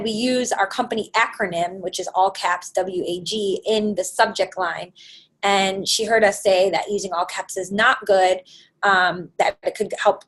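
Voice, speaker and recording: A woman's voice: mid-range voice, husky, poor audio. A woman hosts a live webinar and works through audience questions. She talks casually and loosely, with plenty of "um"s and "you know"s. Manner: conversational, frequent fillers. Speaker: webinar host.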